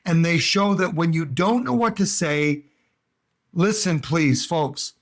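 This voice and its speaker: A man's voice: on the high side, unhurried. A man coaching English learners in a casual, emphatic talk, often repeating his key points. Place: home in Brazil.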